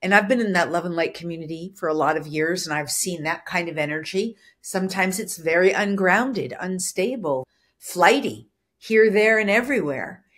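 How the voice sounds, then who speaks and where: A woman teaching in a solo podcast, earnest and explanatory, with a husky voice that is soft yet firm, now and then acting out short quoted lines. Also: lowish voice, normal speed. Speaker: spiritual business coach.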